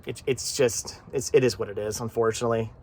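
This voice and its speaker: A man's voice: mid-range voice, steady tone, fairly quick, darkish tone, husky. Phlegmy man vlogging by his van. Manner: rambling, repeats words, self-talk while working. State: phlegmy with a cough. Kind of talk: casual vlog chat. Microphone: camera set down nearby.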